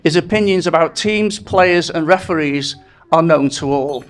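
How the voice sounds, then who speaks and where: At a wedding reception, a man with a fairly high voice gives a speech at normal speed, reeling off one anecdote after another to the crowd. He chuckles at his own punchlines along the way.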